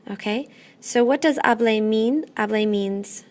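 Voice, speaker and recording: A woman teaching a classroom lesson, patient and methodical, often pausing to check in. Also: a little high, darkish tone. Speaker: Spanish teacher.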